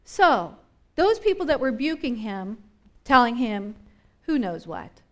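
A woman's voice: on the high side, a little slow. A woman teaching a Bible study in a conversational way, wondering aloud and acting out the scenes she describes. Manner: animated, acts out scenes and voices from the story; thinks aloud with restarts and questions.

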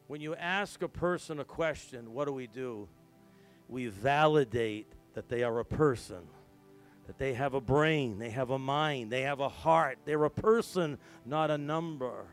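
A middle-aged man preaching a sermon as a pastor, telling a story that swings from hushed to loud and emphatic. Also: mid-range voice, a little slow, faint music behind.

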